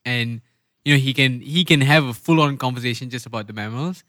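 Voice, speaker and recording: A man's voice: medium pitch, brisk, bright, forceful tone, dry recording, studio quality. A man with a Malaysian English accent, co-hosting a casual podcast chat, laughing often and joking at his own expense. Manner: giggly, self-deprecating.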